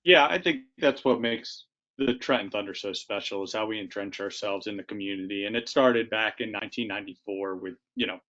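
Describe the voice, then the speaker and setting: A man's voice: on the low side, brisk, sharp tone. A man who leads a sports team, answering earnestly with frequent fillers. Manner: earnest, many "you know" and "um". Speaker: team president. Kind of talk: conversational answer. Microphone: video call. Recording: dull video-call audio.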